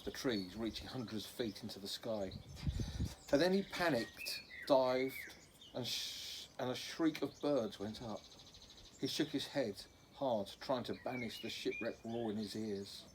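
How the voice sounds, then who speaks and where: A man's voice: mid-range voice, measured pace, background noise. A man reading a children's novel aloud in an unpolished way, stopping now and then to correct slips. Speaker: reader.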